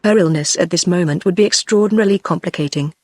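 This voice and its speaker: A text-to-speech voice reading a novel aloud as narrator, in an even, machine-read delivery. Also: medium pitch, quick pace, no echo, studio quality. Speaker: audiobook narrator.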